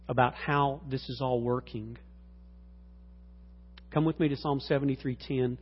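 A man preaching a sermon as a pastor, swinging from low, quiet passages to loud, high-pitched exclamations. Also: breathy edge. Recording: dull lo-fi recording.

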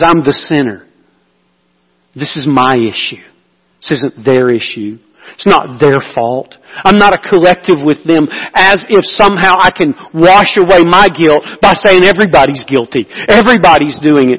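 A man preaching a sermon as pastor, swinging between loud emphatic passages and hushed whispers. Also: medium pitch, unhurried, breathy edge. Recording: reverberant hall.

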